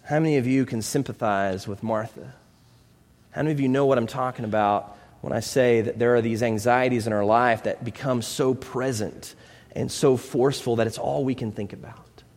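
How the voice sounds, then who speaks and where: A man's voice: mid-range voice, darkish tone. A man preaching a conversational sermon, asking rhetorical questions and telling stories. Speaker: pastor. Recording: long hall reverb.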